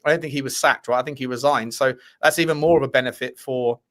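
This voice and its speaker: A man's voice: medium pitch, steady tone, fast, a bit bright. A man co-hosting a casual football news chat, jokey and full of restarts and fillers. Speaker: co-host of a football news show.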